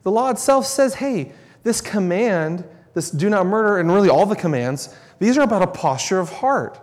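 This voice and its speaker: A man's voice: sits high, lively intonation, moderate pace. A man preaching a sermon, earnest and emphatic, repeating words to drive his points home. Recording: long reverb in a large hall.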